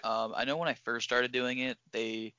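Man, bright tense voice, relaxed interview guest, dry muffled sound. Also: mid-range voice, normal speed, slight background noise. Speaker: guest filmmaker. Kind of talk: casual interview chat.

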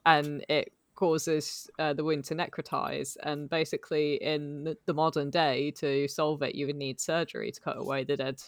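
A woman's voice: low-pitched, flat delivery, moderate pace, hardly any pauses, no room sound. Woman cracking wry jokes on a podcast, laughs a lot, dry mic. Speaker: podcast co-host. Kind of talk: casual chat.

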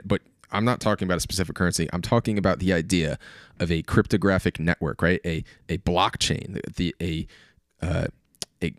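A man's voice: sits low, no echo, studio quality. A man co-hosting a podcast, explaining things in casual chat and often restarting his sentences. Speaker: podcast co-host.

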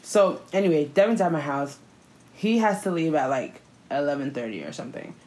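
A woman telling a story in a casual chat, profane and animated, often breaking into laughter. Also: deep voice, a little fast, poor audio.

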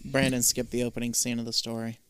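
Male co-host, laid-back recap delivery, crisp voice, dry sound. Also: mid-range voice, level tone, quick pace, no room sound. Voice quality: casual, sprinkles in swearing. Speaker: podcast co-host. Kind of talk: casual recap chat.

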